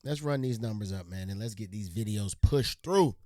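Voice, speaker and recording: A man hosting a casual reaction video, talking in excitable, laid-back slang. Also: lowish voice, normal speed, no room sound. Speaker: reaction channel host.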